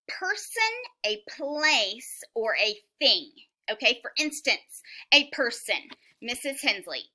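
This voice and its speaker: Woman teacher reading a picture book to little kids, really bright piercing voice, slow and sing-songy. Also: a little high. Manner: animated, questioning, sing-song teacher talk. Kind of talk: reading a picture book aloud to young children.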